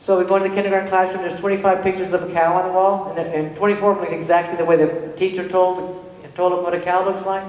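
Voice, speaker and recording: Fast-talking woman in an echoey hall. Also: on the low side. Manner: conversational, keeps checking with the audience; animated storytelling with quick restarts. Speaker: presenter and parent. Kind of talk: conference presentation. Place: large hall with an audience. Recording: very echoey hall with long reverb.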